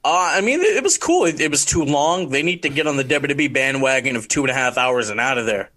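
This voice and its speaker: A man's voice: mid-range voice, expressive, fast talker, pushed and bright. A man co-hosting a casual podcast chat, laid-back and wry, laughing easily. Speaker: podcast co-host.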